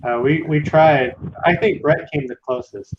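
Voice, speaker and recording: A man's voice: on the high side, measured pace. A chatty man joining a live stream, asking questions and laughing often. His voice comes through dull and muffled, with a faint hiss underneath. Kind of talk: casual chat.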